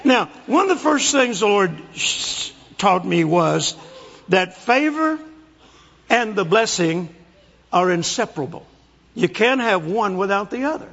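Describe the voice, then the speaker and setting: Man, preacher, folksy storytelling, husky voice, long hall echo. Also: high voice, expressive, a little slow, fairly bright tone. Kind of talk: storytelling sermon. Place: large hall, speaking to an audience. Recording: echoey hall, muffled lo-fi.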